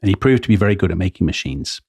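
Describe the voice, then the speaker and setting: Low, expressive and very fast, this Englishman's voice is a little mellow with a breathy edge, captured in clean studio sound without echo. As co-host of a casual history podcast, he tells stories with great enthusiasm and frequent asides.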